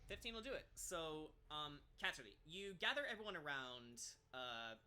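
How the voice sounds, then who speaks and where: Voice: medium pitch, animated, normal speed, pushed and bright, clear, resonant tone. A game master narrating a tabletop game, rambling with many ums and little laughs.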